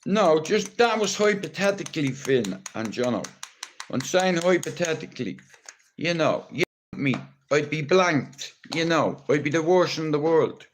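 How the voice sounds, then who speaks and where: Slow-talking Irish man rambling on a livestream. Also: a little high, expressive, a little hiss or hum. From Ireland. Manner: rambling, blunt, swearing, teasing. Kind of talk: rambling live stream monologue.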